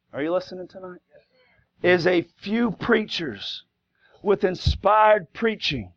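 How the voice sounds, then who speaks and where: Fervent high-voiced preacher with gravelly edge. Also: male voice, dull audio. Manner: fervent, swings from low asides to shouted exhortation; folksy plain-spoken grammar. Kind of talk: fiery Pentecostal sermon. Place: church sanctuary.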